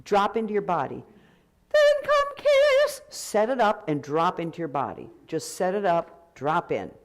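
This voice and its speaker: A woman's voice: on the low side, lively intonation, moderate pace. A woman directing a choir rehearsal. She gives direct commands and breaks into sung phrases to demonstrate. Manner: sings short phrases to demonstrate.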